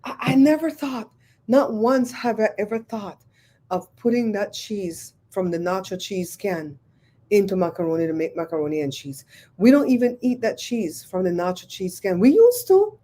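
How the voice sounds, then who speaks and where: A woman, hosting a livestream and chatting with viewers, telling stories in an animated, exclaiming way. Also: medium pitch, normal speed. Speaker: livestream host. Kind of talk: casual chat with live viewers.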